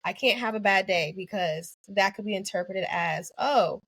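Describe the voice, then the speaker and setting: A woman's voice: medium pitch, moderate pace, fairly bright tone, slightly rough, no room sound. A young woman, an anesthesia student guest on a podcast, speaking in an earnest, reflective way with many "you know" fillers. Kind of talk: podcast interview.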